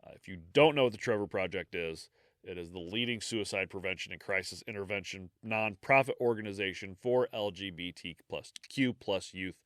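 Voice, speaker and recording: A man with a smooth, resonant voice that sits a little low. He co-hosts a podcast in easygoing, teasing casual chat, recorded dry and close. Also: fairly quick, a bit bright, dry recording. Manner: teasing, laughs often, easygoing. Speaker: podcast co-host.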